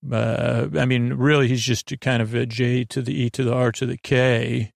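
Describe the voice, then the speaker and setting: A man hosting a sleep podcast, recapping an episode in a drowsy, meandering, deadpan way with lots of fillers. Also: mid-range voice, normal speed, vocal fry, dry recording, clean studio sound. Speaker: podcast host.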